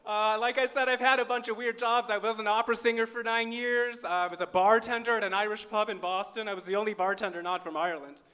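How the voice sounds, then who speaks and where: A stand-up comedian from small-town Minnesota, a man whose voice sits high and rings bright and sharp. He lands his jokes with wry, self-deprecating timing, performing live on a festival stage into a handheld mic. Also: fairly even intonation, fast talker, hardly any pauses, smooth.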